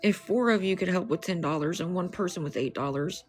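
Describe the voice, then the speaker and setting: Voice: mid-range voice, fairly quick, faint music behind. A livestreamer in casual talk who apologizes often, keeps repeating the same plea for money, and turns bitter and angry toward a rival. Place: indoors with dogs.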